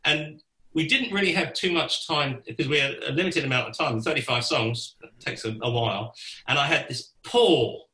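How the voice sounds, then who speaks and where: A man, telling a lively anecdote as a podcast guest, laughing and swearing casually as he goes. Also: mid-range voice, reverberant, poor audio. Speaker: guest musician. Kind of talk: anecdotal storytelling.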